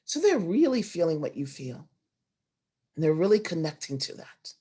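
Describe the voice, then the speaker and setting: Expressive woman teaching storytellers. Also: low voice, moderate pace, slightly rough. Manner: expressive, animated, swings from hushed to loud. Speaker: storytelling workshop presenter. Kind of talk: online workshop teaching.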